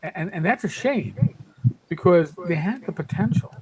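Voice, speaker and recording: A man's voice: high voice, expressive, normal speed, poor audio. A man in his fifties talking emphatically in a casual podcast chat, often repeating words as he starts a thought. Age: 50s. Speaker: panelist.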